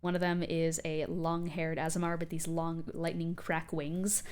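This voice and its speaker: A woman's voice: low-pitched, monotone, unhurried, a little mellow, clear, resonant tone. A woman narrating a tabletop game as game master, loose and full of fillers.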